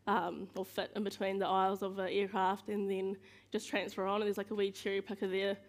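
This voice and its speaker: A chatty woman, speaking at a middle pitch in a relaxed, storytelling way. She pokes fun at herself, laughs often, and slips into quick voices for the people in her stories. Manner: acts out other people's lines in quick voices. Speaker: guest speaker. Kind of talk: casual storytelling speech.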